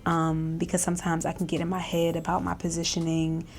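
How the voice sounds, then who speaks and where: A woman vlogger chats casually in a lowish, gravelly voice, circling back on her words with fillers and restarts. Faint noise sits under the recording. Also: completely flat delivery, fairly quick, a little mellow. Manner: chatty, self-reflective, many fillers and restarts, laughs often. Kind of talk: casual reflective chat.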